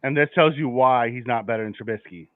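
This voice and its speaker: A man co-hosting a casual live football watch party, speaking in a relaxed, measured way with frequent stumbles and restarts. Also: medium pitch, no room sound. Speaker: co-host of a sports watch-party stream. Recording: tinny phone-like line.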